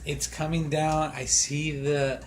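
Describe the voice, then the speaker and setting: A man with a slightly high voice tells a story in a casual podcast chat. He acts out what went through his head and keeps the telling animated. There is faint noise in the background. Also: takes it slowly. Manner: animated storytelling, acting out his own thoughts. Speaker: podcast co-host.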